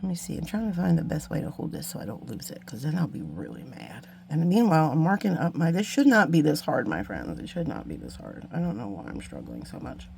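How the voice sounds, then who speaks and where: A woman hosts a beading tutorial in a casual, chatty way. She mocks herself and mutters asides while working, and her voice has a gravelly, creaky texture. A faint hum sits behind her. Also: sits low, wildly swooping pitch, a little fast, hardly any pauses, a little mellow. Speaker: beading channel host. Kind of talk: casual craft tutorial chat.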